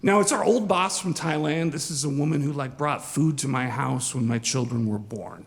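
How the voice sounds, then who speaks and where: A man in his forties from Eastern Washington, telling a personal story on stage in a self-deprecating, animated way. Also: medium pitch, normal speed, few pauses, long reverb tail. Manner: self-deprecating, animated, acts out quoted lines. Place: stage in a large hall.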